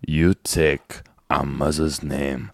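A man playing a gravelly pompous French brother. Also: very deep voice, flat delivery, takes it slowly, dry recording, clean studio sound, heavily acted. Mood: haughty. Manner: mock-formal and theatrical. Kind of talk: improvised comedy sketch.

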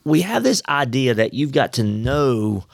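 A man's voice: mid-range voice, very animated, a little slow, vocal fry, no echo, studio quality. A man co-hosting a faith podcast, talking in a folksy, conversational way with preachy asides. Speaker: podcast co-host. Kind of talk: casual faith podcast discussion.

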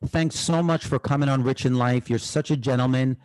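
A man with a New York accent hosting a podcast interview, telling stories in a lively, animated way. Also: a little fast, no echo, poor audio. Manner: animated storyteller, pitch jumps up when excited. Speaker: podcast host. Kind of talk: casual interview chat.

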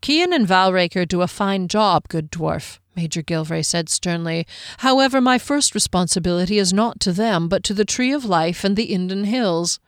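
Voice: mid-range voice, animated, normal speed, clean tone, dry recording, clean studio sound, lightly acted. A narrator voicing a proud, guarded army major who speaks formally and courteously. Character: stern proud human army major, middle-aged.

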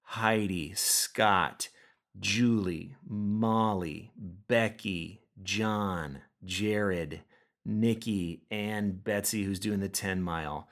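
A middle-aged American man hosts his own devotional podcast, speaking casually in an earnest, encouraging way with loose fillers. His voice is lowish and fairly bright, and he draws out his words.

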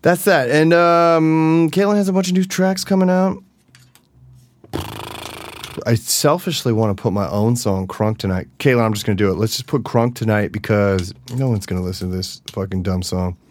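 A man hosting a podcast, chatting casually and energetically, profane, with loud bursts and mumbled asides. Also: medium pitch, moderate pace. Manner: animated and profane, swings from loud bursts to mutters. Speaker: podcast host. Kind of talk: casual solo podcast chat.

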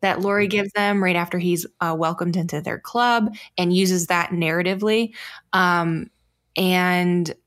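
A woman co-hosting a casual film review chat, animated and laughing, full of likes and ums. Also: lowish voice. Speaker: podcast co-host.

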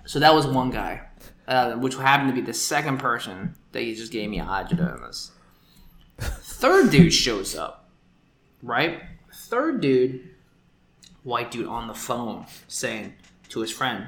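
A man's voice: medium pitch, a little slow, reverberant, slight background noise. A man co-hosting a podcast, telling a story in casual chat and acting out the people in it. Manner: animated, acts out quoted people.

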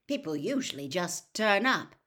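A blunt, suspicious campsite owner with a gruff, fairly low voice, as a woman storyteller puts him on. He answers in short, slow, clipped phrases. A storybook reading with a plain, steady delivery. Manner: blunt, curt, slow-spoken. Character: gruff middle-aged male Muggle campsite owner, suspicious.

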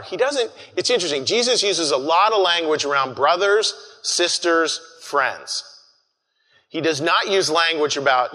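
Earnest preacher with a bright voice. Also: male voice, on the high side, expressive, moderate pace. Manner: earnest, addresses listeners as folks, frequent restarts. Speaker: pastor. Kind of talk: conversational sermon. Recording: long hall reverb.

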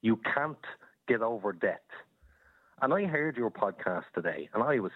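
A man calling into a radio debate, arguing forcefully and interrupting insistently. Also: fairly low pitch, big pitch swings, moderate pace, dry recording. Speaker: caller. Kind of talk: heated call-in argument. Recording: tinny phone line.

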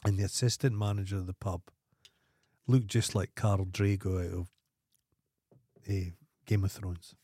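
A man's voice: low voice, flat delivery, unhurried, pauses often, mellow, slightly rough. A Scottish man co-hosting a podcast, telling rambling, profane anecdotes in casual chat. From Scotland. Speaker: podcast co-host.

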